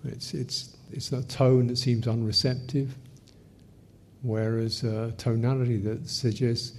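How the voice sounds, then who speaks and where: An older man from England gives an unhurried meditation talk, musing aloud with gentle humor. His voice is mellow and relaxed, at a middling pitch. A faint low rumble sits under the recording. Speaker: meditation teacher answering questions.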